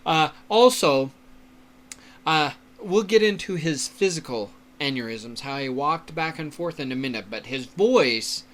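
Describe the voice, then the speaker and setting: Slow, bright-voiced man teaching a lesson. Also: a little high, expressive, a little hiss or hum. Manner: slow, explanatory, checks in with "okay?", laughs often. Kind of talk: lecture on public speaking.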